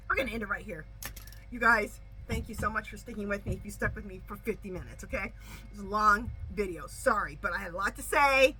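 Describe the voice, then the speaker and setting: A middle-aged woman hosting a casual tarot vlog, chatty and animated, saying "okay?" constantly and laughing often. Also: mid-range voice, fast, poor audio. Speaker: tarot reader and channel host. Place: outdoors at home.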